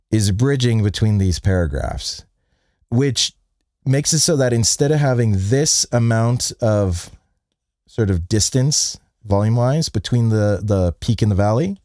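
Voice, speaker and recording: A young adult man explains sound design in a livestream lesson, his pitch rising and falling with lively movement. He leans on deliberate pauses for emphasis. His voice is close and dry, with no room around it. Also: no room sound. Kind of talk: livestream teaching.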